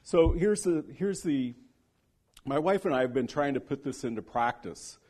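A man preaching a sermon, telling a story with lively acted-out quotes and dropping to a hushed low voice on solemn points. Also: normal speed. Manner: animated storyteller who acts out quoted speech.

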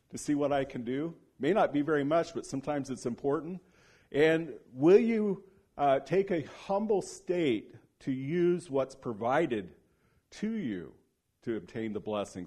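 A man preaching a sermon in a mid-pitched voice. He tells the story with energy and acts out the quoted speech. On solemn points he drops to a hushed, low voice.

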